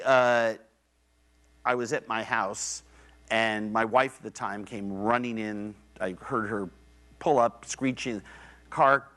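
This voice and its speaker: A man's voice: lowish voice, a bit bright. A middle-aged man giving a public lecture in a university theater, telling stories conversationally and swearing casually. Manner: conversational storytelling, acts out quoted voices.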